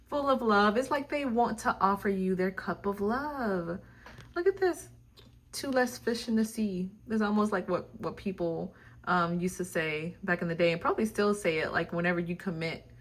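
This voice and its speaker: A woman giving a casual tarot reading, talking straight to her viewers in a gushing, excitable way. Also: medium pitch. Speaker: tarot reader.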